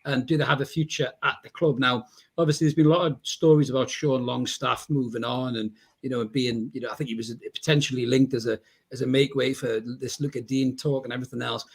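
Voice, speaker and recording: A man's voice: medium pitch, steady tone, a little fast, husky. An English man hosting a casual football podcast, chatty and full of banter, swearing now and then. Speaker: podcast host.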